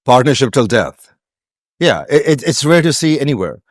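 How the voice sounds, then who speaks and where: A man's voice: mid-range voice, very animated, normal speed, dry recording, studio quality. A man with a Pakistani accent talking reflectively as an interview guest, meandering with many restarts and fillers. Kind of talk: conversational interview.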